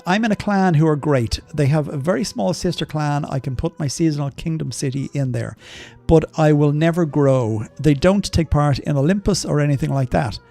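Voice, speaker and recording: A man's voice: a little high, a little mellow. An older man streaming a game live, chatting casually and rambling through viewer questions with lots of ums and asides.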